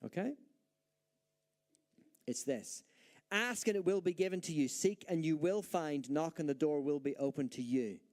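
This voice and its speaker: A man's voice: fairly high pitch, moderate pace, long pauses, a little mellow. A man preaching a sermon as pastor, emphatic, asking the congregation rhetorical questions and acting out their doubts. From Northern Ireland.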